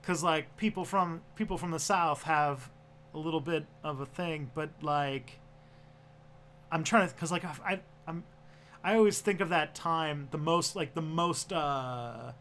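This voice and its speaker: A man's voice: on the high side, measured pace, fairly bright tone, slight background noise. A man from Canada with a Toronto accent, rambling and restarting sentences in a casual chat as co-host.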